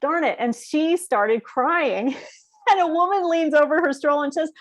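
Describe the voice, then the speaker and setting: A woman's voice: high voice, normal speed. A middle-aged woman on a panel over a video call, telling family stories with laughs and acted-out quotes. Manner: storytelling, animated quoted voices, laughs often. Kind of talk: casual panel chat.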